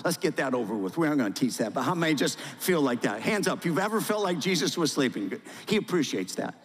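A male pastor giving a sermon, reading a storybook aloud in a dramatic, animated way and asking listeners to respond. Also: a little high, fast talker, slightly rough. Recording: long hall reverb.

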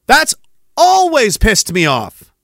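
A man's voice: extremely high pitch, huge pitch swings, slow pace, a bit bright, no echo, clean studio sound. A man hosting a podcast, delivering a heated, profane rant full of emphatic repetition. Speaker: podcast host. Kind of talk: angry political rant.

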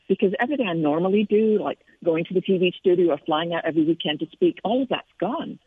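Husky Scottish woman on a phone line. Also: lowish voice, animated, quick pace. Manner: earnest, reflective storytelling. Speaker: Christian author and speaker, guest. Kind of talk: casual interview on faith.

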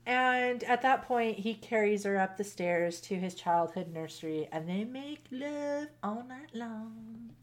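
Woman podcast host recapping a romance novel, lively, quoting the characters, laughing a lot. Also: on the high side, a little slow, hardly any pauses. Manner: animated retelling, quoting characters, laughs often. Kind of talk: casual chat.

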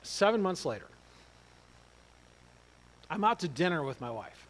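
A middle-aged pastor, preaching in a conversational storytelling way, dropping to quiet asides and rising to loud exclaims. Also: male voice, fairly high pitch, sing-song, unhurried, rough recording. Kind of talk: storytelling sermon.

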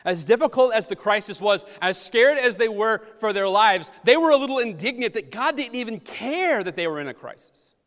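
A man preaches a sermon on a microphone, slipping from easy storytelling into strong, emphatic rises. His voice sits a bit high for a man. The sound carries a long reverb from a large church hall. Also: expressive, fairly quick, fairly bright tone. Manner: storytelling, conversational with rising emphatic peaks. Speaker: pastor. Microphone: handheld or headset microphone.

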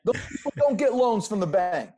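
A man talks as an interview guest, pushing motivational advice with a preachy energy. His voice sits high and swings widely in pitch. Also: very animated, moderate pace, warm tone. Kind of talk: casual interview talk.

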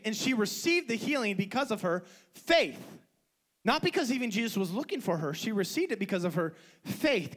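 A male pastor preaching a sermon, swinging between hushed, quiet moments and loud, excited preaching. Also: high-pitched, low-quality recording.

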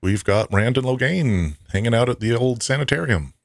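A man co-hosting a podcast, casually recapping scenes and quoting dialogue in a quick, chatty way. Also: medium pitch, animated, gravelly, no room sound, clean studio sound. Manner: recaps scenes and quotes dialogue at a fast clip. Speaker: podcast co-host. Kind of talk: casual chat recapping a TV episode.

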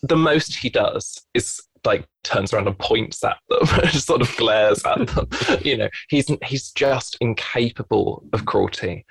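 A man's voice: mid-range voice, unhurried, creaky, hardly any pauses, breathy edge, no room sound. A man co-hosting a podcast, chatting casually about a film, with frequent fillers and laughs. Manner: casual, many "like" fillers, laughs between words. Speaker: podcast co-host.

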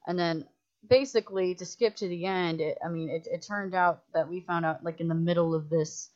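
A woman who directs films, telling a story as a podcast guest in an animated, profane way, full of "like" and acting out what others said. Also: on the low side, brisk. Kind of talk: casual storytelling in a podcast chat. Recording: muffled lo-fi audio.

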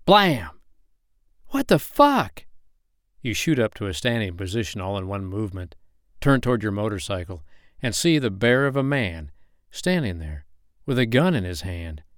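A man with a lowish voice narrates an erotic audio story in second person. His delivery is slow, measured and soothing. The sound is close and dry, with no room around it. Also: expressive, dry recording.

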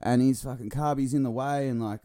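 A man with an ordinary mid-range voice joins a casual podcast conversation. He sounds relaxed and keeps adding asides to his co-host's story. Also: mid-range voice, a little fast, slight background noise. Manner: laid-back, chiming in with side remarks and laughter. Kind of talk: casual chat.

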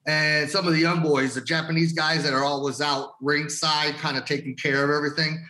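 Casting: male wrestler guest, bright forceful tone, swearing storyteller, roomy echo. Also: fairly high pitch, flat delivery, fairly quick. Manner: profane, laughing storyteller. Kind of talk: casual storytelling.

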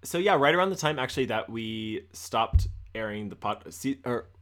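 A man's voice: mid-range voice, lively intonation, moderate pace, a bit bright. A man co-hosting a podcast, chatting casually, laughing often and swearing freely. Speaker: podcast co-host. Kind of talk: casual chat.

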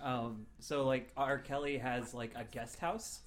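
A man's voice: mid-range voice, steady tone, a little slow. A man co-hosting a podcast in casual, laughing chat, swearing freely. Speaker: podcast co-host.

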